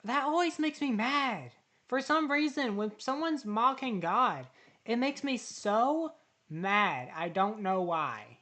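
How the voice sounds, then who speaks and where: A woman's voice: a little high, animated, takes it slowly, a bit bright. A woman hosting a reaction video, talking back indignantly to the clip she watches. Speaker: reaction channel host. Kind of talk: casual reaction commentary.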